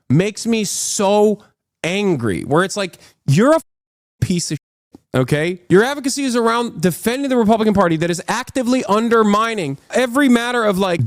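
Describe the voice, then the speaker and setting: A man's voice: high voice, no room sound, studio quality. Heated, profane male political streamer. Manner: heated, profane, rapid bursts. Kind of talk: reaction stream commentary.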